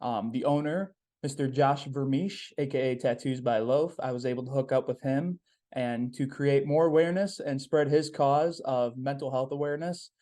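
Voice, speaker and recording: A young man talks through his own podcast in an easygoing, upbeat, meandering way, leaning on "um" and saying things more than once. His voice is mid-range and dark in tone, steady and at a normal pace.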